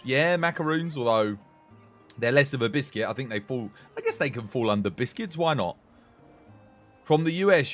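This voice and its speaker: Give me a chatty British streamer with a middle-pitched voice and faint background music. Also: male voice. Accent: British English. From United Kingdom. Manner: chatty, rambling, reads out and answers chat. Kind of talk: casual live-stream chat with viewers.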